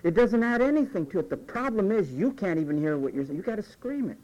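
A man's voice: sits high, fast talker, rough recording. A man preaching a conversational sermon as pastor, acting out quoted voices along the way. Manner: animated, acts out quoted voices.

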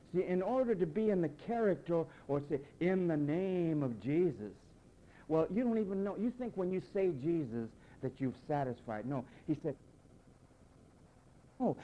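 A man preaching a sermon emphatically, with rhetorical questions and big swings between loud and soft. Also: a little high, lo-fi sound.

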